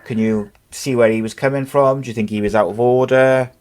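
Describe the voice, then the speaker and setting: A man's voice: medium pitch, steady tone, brisk, a little mellow, clean tone. A man hosting a casual sports podcast, talking in a rambling way with many fillers and restarts. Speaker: podcast host.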